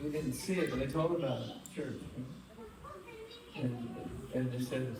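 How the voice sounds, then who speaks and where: A spiritual teacher speaks to a live audience at a medium pitch and measured pace, chatty and engaging as he poses questions to the room and tells funny stories. It was recorded in a roomy hall on a distant mic with faint noise.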